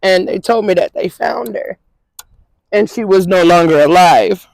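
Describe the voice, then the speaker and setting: A woman's voice: fairly low pitch, a little slow, creaky, darkish tone, dry recording, rough recording. A woman from the Twin Cities in Minnesota, a guest in an interview, recounting a personal story in a loose, repetitive, conversational way. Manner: repetitive, conversational storytelling full of "you know what I'm saying". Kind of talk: emotional personal testimony.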